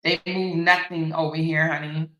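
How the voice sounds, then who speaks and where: A woman's voice: low-pitched, flat delivery, moderate pace, a bit bright, echoey room, dull audio. A woman hosting a casual commentary stream, reading viewer comments aloud in a sassy, mocking way and laughing often. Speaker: host.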